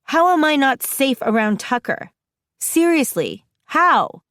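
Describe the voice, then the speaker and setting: A woman narrator voicing an upset, defiant teenage girl who pleads in a raised, higher voice. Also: sing-song, slow, fairly bright tone, no echo, studio quality, exaggerated voice. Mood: pleading.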